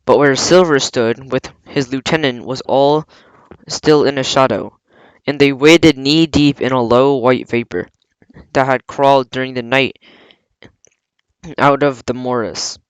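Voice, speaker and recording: A man reading a novel aloud in a plain, steady way, with small slips and some throat clearing. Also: mid-range voice, measured pace, no room sound, rough recording. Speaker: audiobook reader.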